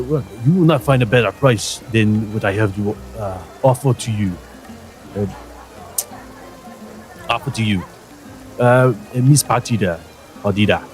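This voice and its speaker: A man's voice: mid-range voice, close to an everyday voice. A man voicing a slick, overly polite male merchant in a heavy put-on foreign accent. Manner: smooth, overly polite, evasive.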